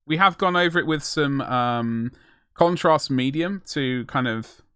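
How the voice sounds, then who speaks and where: A man's voice: on the high side, unhurried, a bit bright, clear, resonant tone, no echo, clean studio sound. A young man chatting casually and jokingly while painting miniatures on a live stream, rambling with self-mocking asides.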